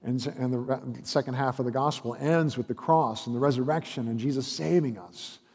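A man's voice: mid-range voice, brisk, darkish tone, breathy edge, long reverb tail. A man preaching a sermon as pastor, earnest and emphatic, building through rhetorical questions.

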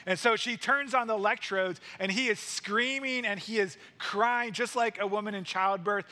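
A middle-aged male pastor delivers a sermon in a high, bright voice. He preaches earnestly, repeating phrases and slowing to drive points home. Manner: earnest, repetitive preaching cadence, slowing for emphasis.

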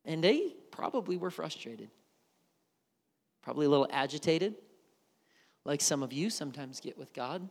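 Gravelly-voiced preacher in an echoing hall. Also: male voice, a little high, sing-song, moderate pace, pauses often. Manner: conversational preaching with many restarts. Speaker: pastor. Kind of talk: sermon.

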